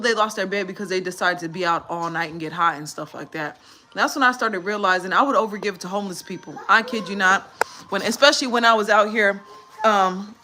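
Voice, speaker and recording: A woman's voice: mid-range voice, bright, forceful tone, slight background noise. A tired woman giving a candid live-stream testimony, telling her story animatedly and using church slang. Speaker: vlogger.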